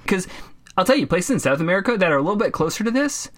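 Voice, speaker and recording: Animated sarcastic male podcaster. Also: racing. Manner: animated, jumps into high mocking voices for quoted people; profane, sarcastic. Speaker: podcast co-host. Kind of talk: casual podcast chat.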